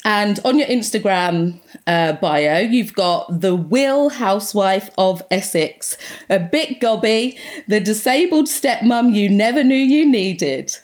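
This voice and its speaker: A woman's voice: medium pitch, lively intonation, takes it slowly. A woman hosting a podcast, introducing her show and chatting with her guest in a playful, giggly way. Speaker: podcast host. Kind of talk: casual interview.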